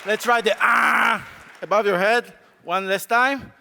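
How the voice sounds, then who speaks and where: A man with a sore throat gives a live conference talk, playfully coaching volunteers on stage in an animated way. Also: sits high, a little slow, creaky. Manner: playful, animated, coaxing the audience. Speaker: conference speaker. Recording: long hall reverb, faint crowd noise.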